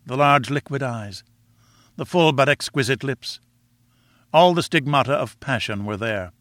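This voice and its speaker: A man reading a novel aloud in a measured, reflective storytelling manner. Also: mid-range voice, a bit bright, dry recording, clean studio sound. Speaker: audiobook reader. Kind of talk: scripted narration.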